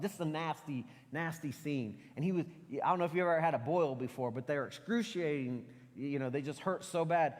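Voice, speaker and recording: A man preaching a casual sermon, telling Bible stories and acting out the voices of the people in them. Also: a little high. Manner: casual, animated storytelling with acted-out quotes. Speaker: pastor. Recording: church hall with long reverb.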